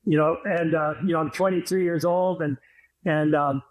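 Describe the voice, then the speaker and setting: Man in his fifties, somewhat high voice, rambling and laughing, podcast guest. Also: fairly even intonation, moderate pace, poor audio. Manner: rambling storyteller, laughs while telling. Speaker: podcast guest, former hockey player. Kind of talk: casual storytelling chat.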